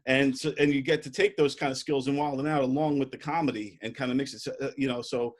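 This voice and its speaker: A man's voice: mid-range voice, steady tone, fast. A man hosting an interview, asking questions in a chatty way with frequent laughs and fillers. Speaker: host. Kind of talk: casual interview.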